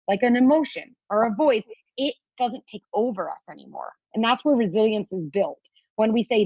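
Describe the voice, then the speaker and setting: A woman's voice: medium pitch, husky, dry recording. A woman on a podcast explaining parenting ideas in an earnest, coaching way, sometimes acting out a child's inner voice in a sing-song. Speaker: parenting guest expert. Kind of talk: podcast interview talk. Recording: dull, dry podcast audio.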